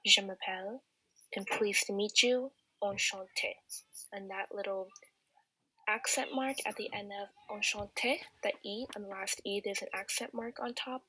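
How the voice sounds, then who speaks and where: A teenage girl talks through a beginner language lesson, explaining each point patiently and step by step. Her voice is bright and a little husky. It is recorded close and dry, with no room sound. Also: mid-range voice, dry recording, rough recording. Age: teens. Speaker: student tutor. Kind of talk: slide-based language lesson.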